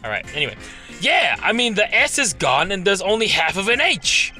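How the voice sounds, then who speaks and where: A man giving casual, chatty gameplay commentary, animated and quick to laugh. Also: high voice, faint music behind. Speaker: game video host.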